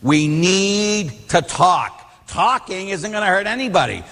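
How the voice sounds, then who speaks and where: A man who is a Catholic priest teaching a class, telling stories in a blunt, animated way. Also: high-pitched, unhurried, few pauses, in a large hall.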